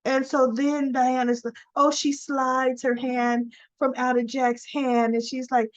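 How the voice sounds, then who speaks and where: A woman's voice: on the high side, fairly even intonation, slow pace, hardly any pauses, muffled recording. A woman recapping a soap opera in a chatty, folksy way, full of playful exclamations. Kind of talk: casual chat recap.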